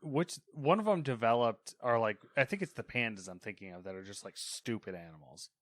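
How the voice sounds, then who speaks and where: A man's voice: mid-range voice, animated, a little fast, a bit bright, no echo. A man hosting a weekly gaming podcast, chatting loosely and trailing off mid-thought. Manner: rambling, trails off into mumbles. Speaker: podcast host. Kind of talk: casual chat.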